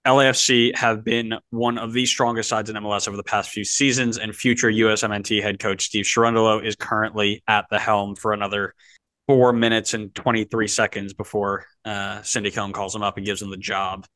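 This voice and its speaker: A man's voice: fairly low pitch, level tone, a little fast, sharp tone, dry recording. Playful man hosting a sports podcast. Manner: playful, prompting his co-host, jokey. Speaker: podcast host. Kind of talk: casual sports podcast chat.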